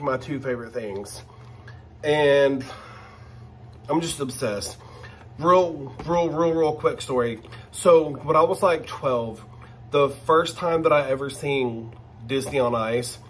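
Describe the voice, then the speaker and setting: A man hosting a casual unboxing vlog, gushing and excitable as he talks straight to his viewers. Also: mid-range voice, unhurried, slight background noise. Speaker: channel host.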